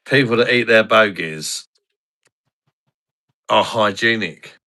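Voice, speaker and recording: A man's voice: on the low side, unhurried, pushed and bright. A man hosting a casual live stream, reading viewer comments aloud with blunt, crude banter. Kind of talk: casual pub-style live stream chat.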